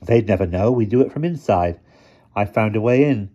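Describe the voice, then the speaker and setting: A man reading aloud, voicing a quiet, intense teenage boy who speaks slowly and with weight. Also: medium pitch, animated, muffled recording, voice pushed up, close to an everyday voice. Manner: slow, measured, intense.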